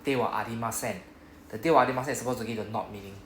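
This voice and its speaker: A man's voice: mid-range voice, a little hiss or hum. Singaporean man, Japanese teacher, patient step-by-step drilling, echoey room. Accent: Singaporean English. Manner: patient, explains step by step, drills phrases slowly. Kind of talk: classroom teaching. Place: classroom.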